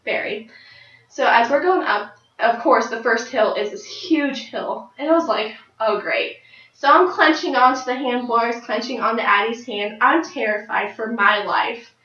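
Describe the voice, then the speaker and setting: A nineteen-year-old woman telling a personal story in a speech, with lively, excited jumps in her voice. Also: a little high, moderate pace. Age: late teens. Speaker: speaker giving a personal speech. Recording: dull, roomy sound from a distant mic.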